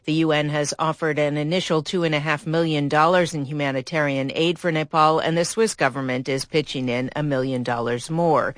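Reporter with a dry, mid-pitched voice. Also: a little fast, hardly any pauses, no room sound. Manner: steady, scripted reporting. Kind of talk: news report.

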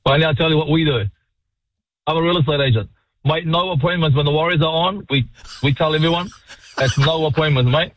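A man calling a sports radio talkback show, blunt and excitable, swearing freely and calling everyone mate. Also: fairly high pitch, fast talker, no echo. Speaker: caller. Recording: muffled phone line, dry.

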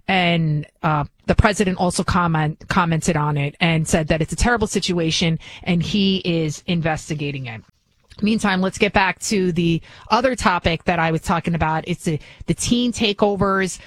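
A woman's voice: on the low side, moderate pace, rough recording. A woman hosting a political commentary show, delivering an opinionated monologue full of rhetorical questions and restarts.

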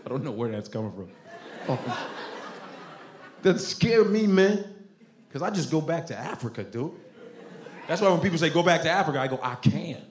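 Animated profane stand-up comic man. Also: fairly high pitch, normal speed, long pauses. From Nigeria. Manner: animated, profane, loud and punchy. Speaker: stand-up comedian. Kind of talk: stand-up comedy set. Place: comedy club stage. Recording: echoey club with crowd noise. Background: audience laughter.

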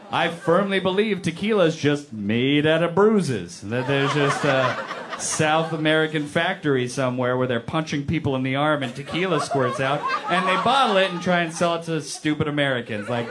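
A man's voice: fairly high pitch, big pitch swings, moderate pace. A man performing stand-up with exaggerated, emphatic ranting. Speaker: stand-up comedian. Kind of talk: stand-up routine. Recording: loud background noise.

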